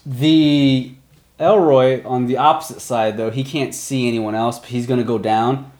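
A man narrating as game master of a tabletop role-playing game, with lively descriptions of the action. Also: medium pitch, a little slow. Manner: lively, slips into shouted character voices.

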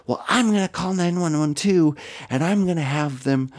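A man's voice: on the high side, very animated, a little fast, mellow, pitched above the performer's own voice. A man voicing an angry middle-aged woman driver who screams threats. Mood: shrill threatening.

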